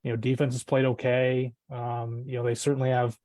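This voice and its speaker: A man giving his sports picks in a halting way, often repeating words as he thinks. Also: medium pitch, completely flat delivery, mellow, no room sound. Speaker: sports panelist. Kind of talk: casual sports picks chat.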